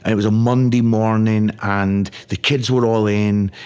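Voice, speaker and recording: A man's voice: on the low side, steady tone, normal speed, darkish tone, smooth. A middle-aged man from Scotland, an evangelist guest telling his story earnestly and with feeling, often repeating words as he is moved. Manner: earnest, emotional, repeats words when stirred. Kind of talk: storytelling in a podcast interview.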